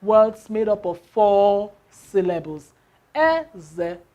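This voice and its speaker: A woman teaching word stress in an unhurried way. She spells endings out letter by letter and keeps asking the class questions, then answers them herself. Her pitch sits in the middle range. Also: animated, warm tone, highs cut off. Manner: slow, spells out letters, asks rhetorical questions.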